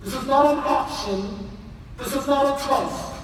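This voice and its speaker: A man preaching a sermon with passion, rising to shouts and calling on the congregation to answer. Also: very high-pitched, a little slow, far from the mic, background noise. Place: large church hall. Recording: echoey hall, voice from afar.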